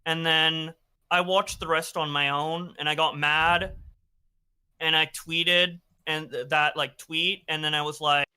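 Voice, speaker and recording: A male caller with a very bright, sharp voice tells his side of things. He rambles with lots of fillers and restarts, sounding defensive. His voice stays crisp and smooth. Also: on the high side, little pitch movement, a little slow. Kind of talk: call-in conversation.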